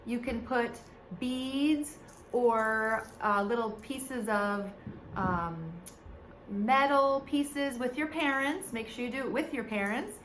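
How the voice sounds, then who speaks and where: A woman teaches preschool music on video, her high, bright voice slow and sing-song as she talks to little children. She sits at home, and the room sounds echoey with a faint hum behind her. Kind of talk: online preschool music lesson. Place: home, seated in front of a camera.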